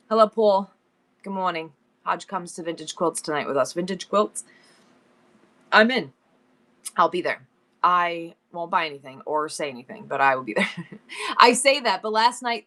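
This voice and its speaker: Chatty, bright-voiced woman seller. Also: mid-range voice, moderate pace. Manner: chatty, rambling, laughs often. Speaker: live-stream reseller host. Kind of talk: casual live-stream selling chat.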